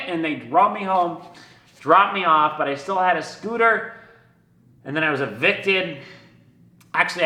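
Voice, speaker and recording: A man with a flu telling a personal story in a casual way. He swears a lot, laughs between lines and swings from loud to hushed. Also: a little high. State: sick with a flu. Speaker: online business coach telling his story. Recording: echoey room.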